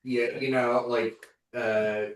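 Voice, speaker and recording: Male game master, slow and hesitant, distant mic in a very echoey room. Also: medium pitch, little pitch movement. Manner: halting, filler-heavy narration. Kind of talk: running a tabletop game.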